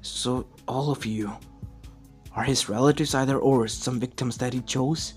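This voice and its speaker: A man voicing a stern mother in a fan storybook, slow and questioning. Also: mid-range voice, fairly even intonation, faint music behind, lightly acted. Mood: disgusted. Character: disgusted mother, stern woman.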